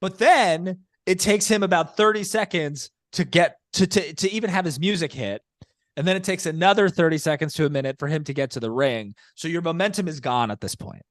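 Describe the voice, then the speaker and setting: A man's voice: a little high, brisk, no room sound, studio quality. Chatty man breaking things down. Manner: talkative, analytical, long explanations. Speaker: podcast co-host. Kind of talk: casual chat.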